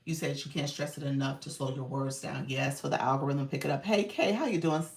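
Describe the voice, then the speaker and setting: A woman's voice: a bass voice, fairly quick, vocal fry. A woman live-stream coach chatting casually, greeting viewers by name and explaining tips.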